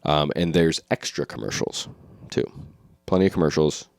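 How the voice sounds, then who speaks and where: A man co-hosting a comedy podcast, low-key and deadpan as he riffs on made-up products. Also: normal speed, creaky, no room sound, clean studio sound. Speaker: podcast co-host. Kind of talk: improvised comedy banter.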